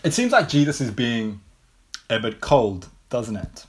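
A man with an English accent preaching a sermon, unhurried and measured, leaning on rhetorical questions. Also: medium pitch, sing-song. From England.

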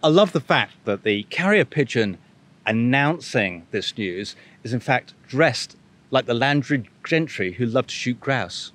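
A man's voice: medium pitch, unhurried. A man reading a children's picture book aloud with enthusiastic commentary. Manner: lively, enthusiastic, expressive. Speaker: bookshop reader.

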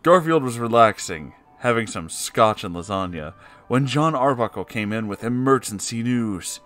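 A man's voice: on the low side, a little slow, a bit bright, soft background music. Young man reading a silly story aloud, mock-serious. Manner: mock-serious, cracking up with disbelief. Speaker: story reader.

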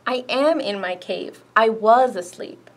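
A woman voicing a sleepy, gently grumbling female bear in a children's picture book read-aloud. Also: high-pitched, slow pace, slightly rough, heavily acted.

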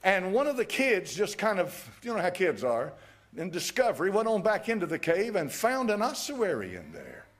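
A man's voice: high-pitched, wildly swooping pitch, moderate pace. A man preaching a sermon in a folksy, emphatic way, chuckling at his own jabs. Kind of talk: fiery evening sermon.

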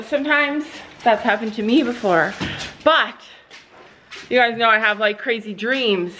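A woman vlogger and horse owner talking casually to the camera. She rambles through her stories with many restarts and switches to a high sing-song voice when she speaks to her animals. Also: a bit bright, a little hiss or hum, rough recording. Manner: rambling storytelling with frequent restarts. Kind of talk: casual chatty vlog.

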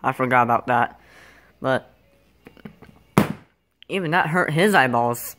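A woman's voice: very deep voice, slow pace, long pauses, a bit bright, slight background noise. A woman performing an improvised plush puppet skit, talking hesitantly with many filler words. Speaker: plush puppet show creator.

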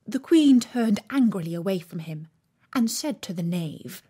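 Slow, expressive woman reading a storybook. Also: medium pitch, husky. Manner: expressive, acts out the characters.

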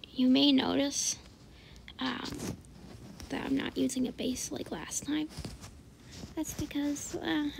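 A woman casually narrating her drawing process, hesitant with many fillers and often dropping to a soft whisper. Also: high-pitched, vocal fry, noisy background. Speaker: drawing channel host.

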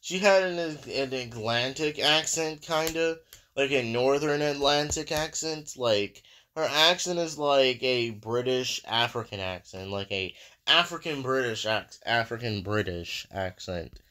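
Brief: male reaction host, smooth resonant voice, casual rambling commentary. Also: medium pitch, animated, measured pace, pushed and bright. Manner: rambling, musing aloud with many fillers.

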